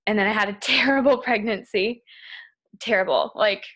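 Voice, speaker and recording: A young adult woman, speaking as a guest to a group, tells a candid, emotional personal story, often filling with "like" and coming close to tears at moments. Her voice is medium in pitch and fairly bright, at a moderate pace.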